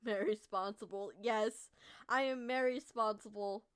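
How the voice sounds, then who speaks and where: A woman's voice: on the high side, steady tone, normal speed, clean tone. A woman VTuber chatting casually during a game stream, tipsy, playful and boastful as she talks to her viewers.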